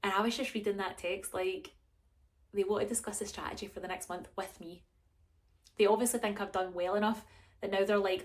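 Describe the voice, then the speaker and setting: A woman's voice: medium pitch, fairly even intonation, fairly quick. A young woman, chatting to camera in a rambling, self-mocking way as a vlogger. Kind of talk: casual chat to camera.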